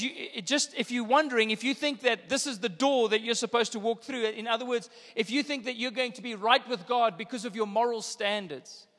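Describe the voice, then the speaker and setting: High-voiced preacher in a reverberant hall. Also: male voice, a bit bright. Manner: emphatic preaching with repetition and rising intensity. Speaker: pastor. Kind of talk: sermon.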